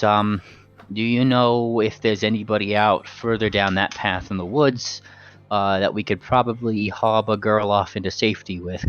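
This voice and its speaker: Smooth-talking adventurer in a tabletop game, low-voiced, dull muffled audio, as a player voices him. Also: male voice, close to an everyday voice. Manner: smooth and diplomatic, with hesitant fillers. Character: polite scheming male adventurer.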